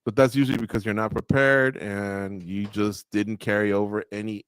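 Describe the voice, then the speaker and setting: Co-hosting a sports radio show in a studio, a man chats casually and tells stories, acting out quotes and laughing at his own jokes. His voice is on the low side with little pitch movement, at a moderate pace, and the tone is clean with no room sound.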